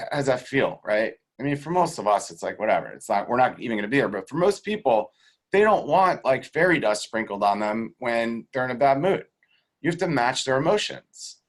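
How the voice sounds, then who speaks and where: A man being interviewed as a sales coach, teaching in a casual, animated way and acting out the voices of the people in his stories. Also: medium pitch. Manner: animated storyteller who acts out quoted voices; swears casually and laughs between points. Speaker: guest real estate sales coach.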